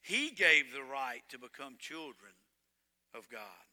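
A man preaching a sermon as pastor, swinging between loud emphatic lines and hushed ones. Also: mid-range voice, big pitch swings, slow pace, long reverb tail.

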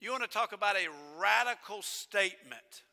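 Male preacher, bright forceful tone, stresses and repeats key words, reverberant sanctuary. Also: high voice, normal speed, creaky. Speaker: pastor. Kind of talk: sermon. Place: church sanctuary. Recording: long church reverb.

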